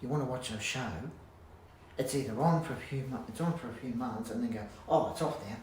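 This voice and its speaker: Man, casual vlog rant, halting and sweary, echoey home recording. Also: medium pitch. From Australia. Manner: rambling, halting restarts, blunt swearing. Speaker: vlogger. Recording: roomy echo, faint background hum.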